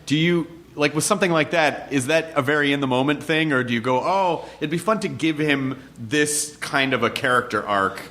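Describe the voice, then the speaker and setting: Man, podcast host, casual chat, rambling, bright tense tone, fairly high. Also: fairly quick, few pauses. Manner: rambling, swears, acts out quotes.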